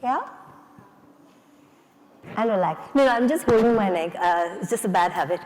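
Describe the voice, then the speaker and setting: A woman's voice: mid-range voice, expressive, normal speed, darkish tone. A woman leading an audience through face yoga exercises at a conference, coaxing and playful as she gives instructions. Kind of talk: leading a live exercise session. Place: conference hall. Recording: reverberant conference hall.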